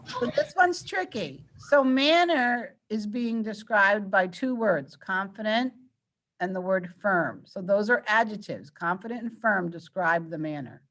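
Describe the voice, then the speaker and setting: A woman's voice: mid-range voice, animated, measured pace, fairly bright tone, a little hiss or hum. Patient woman teacher quizzing her class. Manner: patient, coaxing questions to students. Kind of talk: online class lesson.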